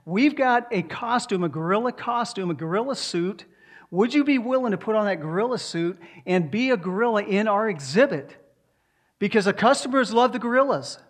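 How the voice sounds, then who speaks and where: A man voicing a businesslike male zoo supervisor who briskly pitches an odd job offer. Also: lively intonation. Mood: persuasive.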